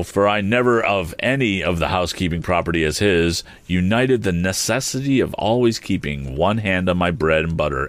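A man narrating a classic novel as an audiobook, in a measured, steady storytelling manner. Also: low-pitched, no echo.

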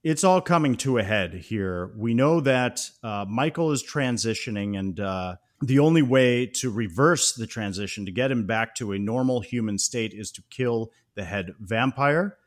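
A man co-hosting a film podcast, summarizing scenes in a relaxed, conversational way with occasional fillers. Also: medium pitch, normal speed, hardly any pauses. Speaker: podcast co-host. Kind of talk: casual film discussion.

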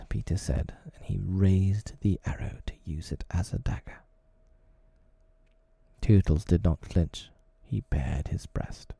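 A man reading a storybook in a hushed whispered role-play, close to the mic, slow and husky. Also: deep voice, lively intonation.

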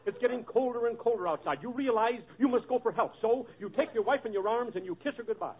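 A man's voice: very high voice, fast talker, breathy edge, phone-quality sound. A man playing the bossy, exasperated straight man who directs a 1940s radio comedy sketch. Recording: old radio broadcast, audience laughter.

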